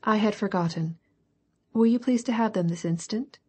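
Deferential young steward voiced by a woman, soothing, husky. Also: mid-range voice, normal speed, darkish tone, voice pushed up, close to an everyday voice. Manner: polite, soothing.

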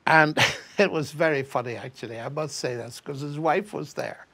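An older man with a Northern Irish accent, telling an animated story as a professor guest in a conversation. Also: a little high, normal speed, vocal fry. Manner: lively anecdote-telling with acted quotes, chuckling.

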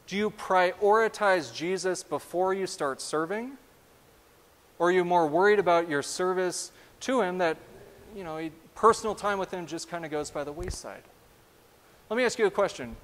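High-voiced pastor preaching in reverberant church. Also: male voice, moderate pace. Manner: animated, asks the congregation direct questions. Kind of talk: sermon. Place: church sanctuary.

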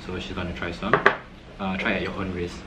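A man with a Singaporean accent, chatting casually at home about the food he cooked, halting with fillers. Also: low voice, little pitch movement, very noisy. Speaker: guest cook. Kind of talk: casual chat. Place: at home, seated at a dining table. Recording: clattering dishes in background.

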